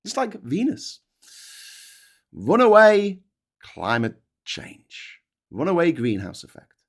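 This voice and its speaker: A man delivers a heated, sarcastic rant, swearing freely and tripping over restarts. His pitch swings widely as he talks. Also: huge pitch swings, slow pace. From Liverpool, England. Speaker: vlogger, channel host. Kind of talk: casual ranting monologue.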